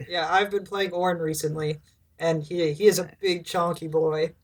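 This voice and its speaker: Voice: medium pitch, fairly even intonation, moderate pace. Distant young voice in casual chat. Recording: distant from the mic.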